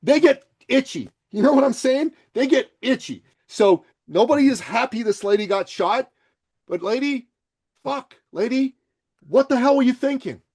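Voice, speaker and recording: A podcast guest, a man who grew up in Iran, speaks plainly with no accent. His voice sits high for a man, and he talks bluntly, with strong opinions and frequent swearing, dropping to quiet asides between louder stretches. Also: lively intonation, normal speed, slightly rough. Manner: blunt, swears freely, shifts from loud to quiet. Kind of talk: forceful opinionated interview talk.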